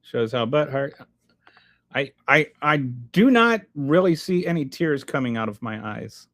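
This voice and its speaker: A man's voice: medium pitch, animated, a little slow, a bit bright. A man hosting a live stream, reading chat aloud and answering with sarcastic, rambling commentary full of restarts.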